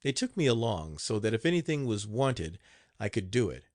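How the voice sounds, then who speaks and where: A man reading an audiobook aloud in an expressive, animated way. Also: fairly low pitch, moderate pace, no room sound, studio quality. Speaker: audiobook narrator. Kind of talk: scripted audiobook narration.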